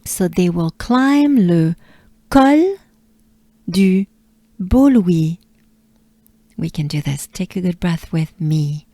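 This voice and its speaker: A woman from France with a French accent, patiently coaching pronunciation and repeating words slowly with soft breathy asides. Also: fairly low pitch, expressive, dry recording. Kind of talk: slow pronunciation lesson.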